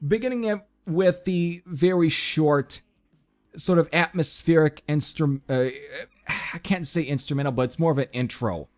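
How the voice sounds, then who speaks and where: A man giving a casual spoken review of a metal album, chatting to his viewers as folks and filling pauses with uh. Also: on the high side. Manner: chatty, addresses viewers as folks, frequent fillers.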